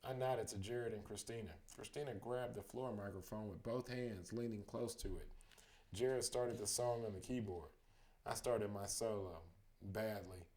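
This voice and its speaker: Man narrating a bedtime story; lowish, steady, expressive. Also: normal speed. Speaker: storybook reader.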